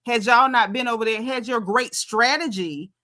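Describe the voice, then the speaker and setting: Sassy, bright-voiced woman recapping reality TV. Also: fairly high pitch, moderate pace. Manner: sassy, animated, acts out quotes. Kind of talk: casual recap commentary.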